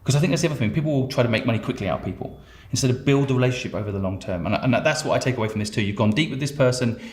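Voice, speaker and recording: A man's voice: medium pitch, racing, echoey room. A man in casual chat, reflectively summing up the lessons of a story. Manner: reflective, sums up points with repeated "as well".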